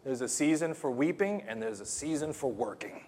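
A man preaching a sermon as pastor, repeating phrases and swinging between loud emphatic bursts and quiet, hushed lines. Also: medium pitch, lively intonation, normal speed.

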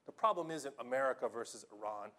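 A male pastor preaching a sermon, telling the story with animated swings between loud exclamations and hushed tones, often filling with "you know". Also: mid-range voice, fast talker. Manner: fills with "you know" and restarts.

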